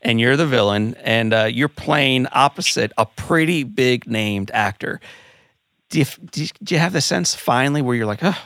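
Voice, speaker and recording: A man's voice: medium pitch, lively intonation, moderate pace, a bit bright, no room sound, studio quality. A man hosting an interview, speaking in an earnest, reflective way. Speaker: podcast host. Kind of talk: interview conversation.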